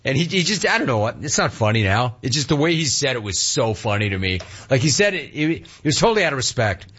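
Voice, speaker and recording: A man's voice: medium pitch, very animated, fast, a bit bright, husky, lo-fi sound. A man hosting a casual talk radio show and reading listener complaints, talking in slang and repeating words for emphasis.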